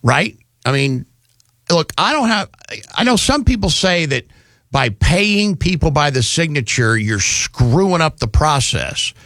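Male talk radio host, gravelly and unhurried, swings his pitch a lot, indignant and sarcastic, dry studio sound. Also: sing-song, a bit bright, no room sound. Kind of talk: opinionated talk radio monologue.

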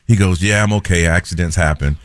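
A man, a morning radio host telling a story in an animated way and acting out the people in it. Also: low voice, brisk, dry recording, clean studio sound. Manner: animated storyteller, acts out quoted voices.

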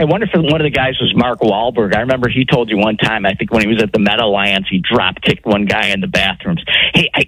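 A man's voice: lowish voice, fairly bright tone, breathy edge, no room sound, low-quality recording. A man calling in to a sports radio show, friendly and chatty. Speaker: caller. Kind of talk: call-in radio chat.

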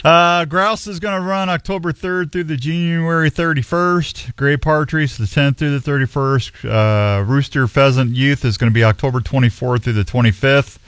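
Man, 60s, folksy radio host; middle pitch, dry studio sound. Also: normal speed, few pauses, a bit bright, no echo. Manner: rambling storyteller, folksy, many restarts. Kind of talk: casual radio chat with announcements.

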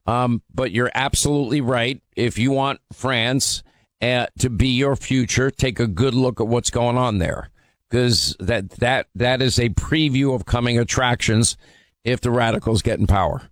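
A man's voice: mid-range voice, a little slow, no echo. Emphatic male radio talk host. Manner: forceful, emphatic opinion talk with frequent fillers. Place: radio studio.

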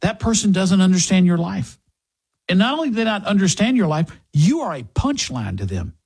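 Husky, emphatic talk radio host. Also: male voice, high voice, very animated, fairly quick, a little mellow. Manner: emphatic, sarcastic, rising to indignant peaks. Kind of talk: talk radio monologue and live read ad.

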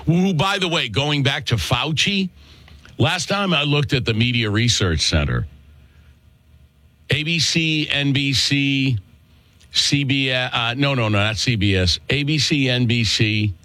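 A man's voice: mid-range voice, expressive, a little slow, sharp tone, dry recording. A male talk show host with a Worcester, Massachusetts accent, delivering a chatty, opinionated monologue and calling listeners folks.

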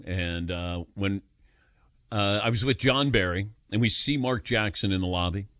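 A man's voice: on the low side, moderate pace, no echo, clean studio sound. A man hosting a sports call-in radio show, telling stories with chuckles and taking calls. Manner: animated storyteller, chuckles while telling.

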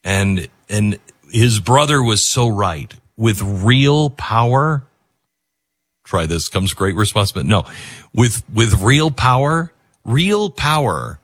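A man's voice: fairly low pitch, slightly rough, no echo. A man hosting a talk show, speaking emotionally and rambling, with many restarts. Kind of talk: casual talk radio commentary.

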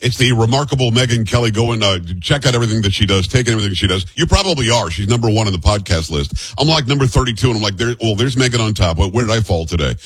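A male talk radio host rattles off his questions at a quick clip in a husky voice. The sound is dry and close, with no room around it. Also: on the low side, lively intonation, no room sound. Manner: brisk, emphatic, jokey. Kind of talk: radio talk show interview.

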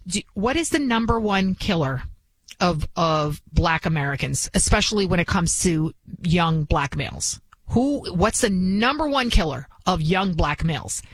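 A woman's voice: medium pitch, no room sound, poor audio. Indignant woman commentator, dry close sound. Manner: indignant, rhetorical questions, frequent restarts. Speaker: political commentary host. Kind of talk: opinion commentary. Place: New York City.

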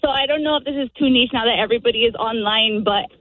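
A woman calling in to a radio show, chatty and animated, rambling a little. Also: a little high, quick pace, dry recording, phone-quality sound. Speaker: caller. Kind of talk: casual call-in chat.

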